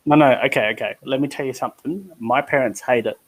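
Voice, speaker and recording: An Australian man chatting casually in an online community hangout. He tells rambling, self-deprecating stories and often stumbles and restarts his sentences. His voice sits at an ordinary mid pitch. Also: quick pace. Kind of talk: casual chat.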